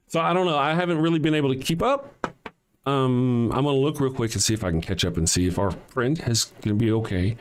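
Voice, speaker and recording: A man's voice: medium pitch, normal speed, long pauses, a little hiss or hum. An older man with a Southern US accent hosting a casual livestream, reading viewer comments aloud in a blunt, profane way and chuckling often. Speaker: livestream host.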